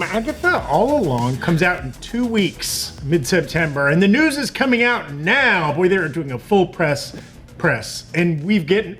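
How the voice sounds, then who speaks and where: A man hosting a casual pop-culture chat show, upbeat and joking as he leads the talk. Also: sits high. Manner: upbeat, jokey, animated. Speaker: host.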